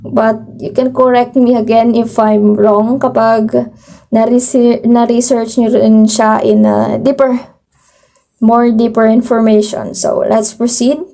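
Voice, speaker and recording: A woman's voice: fairly high pitch, flat delivery, measured pace, creaky, mellow. A young woman with a Filipino accent giving a class report, mixing English and Tagalog, hesitant, with many fillers and self-corrections. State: slightly strained voice.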